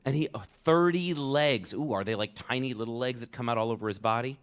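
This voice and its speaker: A man's voice: mid-range voice, fairly quick, smooth. A man reading a picture book aloud to children at a live event, playful and asking the kids for details.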